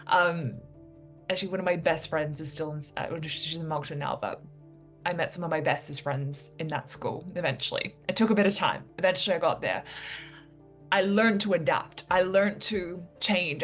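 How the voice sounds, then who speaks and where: Young New woman, mentor type, low-set earnest voice, faint music underneath. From New Zealand. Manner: earnest, animated when quoting others. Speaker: mentor and entrepreneur. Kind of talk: reflective personal story to camera.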